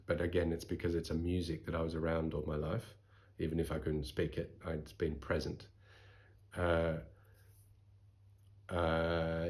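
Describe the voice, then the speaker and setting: Man in his forties, softened Australian accent, very low voice, thoughtful and articulate. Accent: Australian, softened by voice training. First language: English. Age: 40s. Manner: thoughtful, articulate, lively with restarts. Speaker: interviewee. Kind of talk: reflective interview answers.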